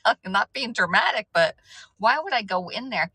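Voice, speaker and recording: A woman's voice: mid-range voice, lively intonation, normal speed, sharp tone, slightly rough, no room sound, rough recording. A woman chatting on a casual livestream, rambling and restarting often as she answers viewer comments. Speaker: livestream host.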